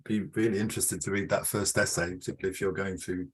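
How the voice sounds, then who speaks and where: A man's voice: deep voice, steady tone, fast, husky. A man facilitating a workshop discussion on a video call, responding with encouraging affirmations. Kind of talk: casual discussion.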